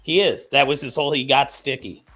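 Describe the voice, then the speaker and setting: A man's voice: mid-range voice, steady tone, brisk, a bit bright. Enthusiastic man joking on a video call. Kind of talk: casual online group chat.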